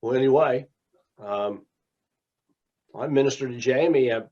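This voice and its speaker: A man's voice: mid-range voice, unhurried. A man teaching a small class, talking in a rambling, conversational way as he tells stories. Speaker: teacher and minister. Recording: dull lo-fi recording.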